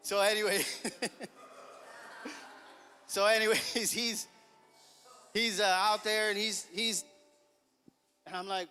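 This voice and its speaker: A man's voice: sits high, slow pace, long pauses, pushed and bright. A man in his thirties preaching a sermon, telling a family story in a casual, chuckling way and acting out the dialogue. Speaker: pastor. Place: church sanctuary. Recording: long reverb of a church hall.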